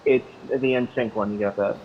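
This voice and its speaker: A man's voice: mid-range voice, steady tone, brisk. Dull-sounding man on a call. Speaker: guest, band drummer. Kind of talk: casual chat. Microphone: call-in line. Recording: dull call audio with faint noise.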